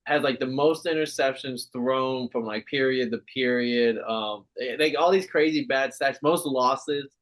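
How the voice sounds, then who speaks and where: A man's voice: medium pitch, a little slow, hardly any pauses. A man co-hosting a podcast, chatting casually about football, swearing and laughing as he talks. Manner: animated, swearing, laughing often. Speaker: podcast co-host. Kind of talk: casual sports chat.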